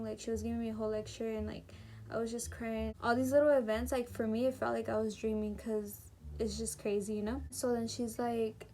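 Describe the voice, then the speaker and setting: A woman's voice: a little high, little pitch movement, a little fast, a little mellow, a little hiss or hum. A seventeen-year-old girl telling a personal story in a chatty, emphatic vlog style full of fillers. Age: teens. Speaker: vlogger. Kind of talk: casual storytime.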